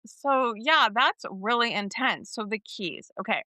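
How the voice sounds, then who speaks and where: A woman co-hosts a podcast in casual chat. Her voice is bright and forceful, and she acts out what others said in put-on voices. The sound is dry and close to the microphone. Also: fairly high pitch, expressive, a little slow, dry recording. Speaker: podcast co-host. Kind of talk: casual chat recapping a soap opera.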